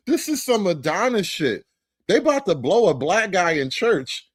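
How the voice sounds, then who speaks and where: A man doing sarcastic comedic reaction commentary, mock-preaching and swinging between loud outbursts and hushed asides. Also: sits high, sing-song, normal speed, breathy edge, no echo, clean studio sound.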